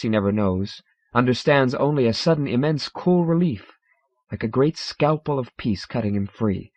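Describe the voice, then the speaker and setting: A man narrating a science fiction audiobook in a measured, dramatic way. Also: medium pitch, no echo. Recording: dry, slightly dull recording.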